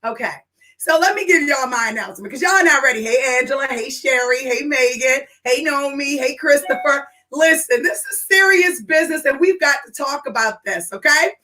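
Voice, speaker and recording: A woman hosting a live stream, talking with high energy and calling out to viewers by name. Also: moderate pace, pushed and bright, slight background noise, rough recording. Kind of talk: excited live-stream announcement.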